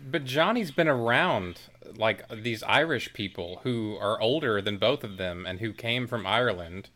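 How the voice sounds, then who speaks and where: A man's voice: fairly low pitch, expressive, measured pace, sharp tone. A man in casual chat, talking loosely and rambling a bit as a podcast co-host.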